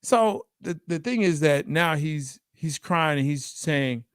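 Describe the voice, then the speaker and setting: A man hosting a casual sports debate show, animated, laughing often and acting out quotes. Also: fairly high pitch, slow, no echo, studio quality.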